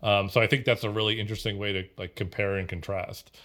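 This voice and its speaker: A man's voice: on the low side, fairly even intonation, quick pace, fairly bright tone. A man co-hosting a casual film podcast, rambling with many fillers and restarts. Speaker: podcast co-host.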